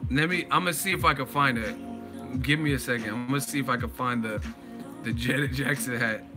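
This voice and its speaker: A man hosting a live-stream boxing chat, talking casually and excitedly, laughing often and swearing freely. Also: medium pitch, brisk, over loud music. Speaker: boxing channel host.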